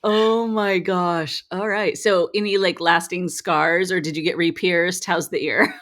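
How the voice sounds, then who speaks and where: A woman's voice: on the low side, steady tone, unhurried, fairly bright tone. A middle-aged woman hosting a podcast in casual chat, laughing often and acting out quotes. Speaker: podcast host.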